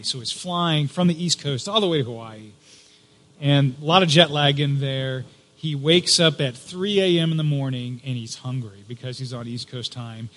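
A man, a pastor, telling a story in a conversational sermon, often halting with fillers and restarts. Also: fairly high pitch, fairly bright tone. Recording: long reverb of a large hall.

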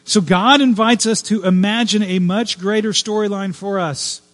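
A male pastor delivers a sermon in a loose, talky way, full of personal stories and little asides. His voice sits a bit high for a man. When he reaches his main points, he swells into fervent, insistent emphasis. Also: fairly even intonation, normal speed, a bit bright. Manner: conversational, digressive storytelling with personal asides.

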